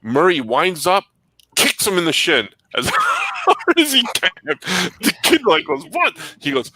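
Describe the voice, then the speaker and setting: A man in casual chat, telling animated stories and laughing often. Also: sits high, unhurried, husky, no echo, poor audio. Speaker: comic shop podcast co-host.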